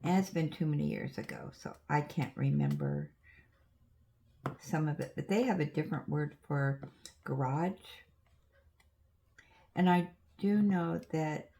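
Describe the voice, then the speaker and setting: Working on a diamond painting, this crafting vlogger, an older Oregon woman, tells meandering stories full of side comments. She speaks at a normal speed, her warm voice sitting low with some vocal fry.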